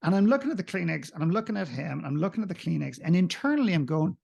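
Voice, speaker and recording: A man, a podcast guest, telling a candid personal story in an animated, self-mocking way with some profanity. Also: on the high side, racing, creaky, hardly any pauses, breathy edge.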